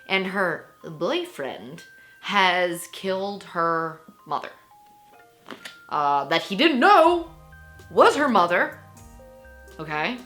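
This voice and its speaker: A woman talks through a book review in a loose, chatty vlog style. She is animated, laughs often and fills her speech with little asides. Her voice is bright, and faint music plays underneath. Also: mid-range voice.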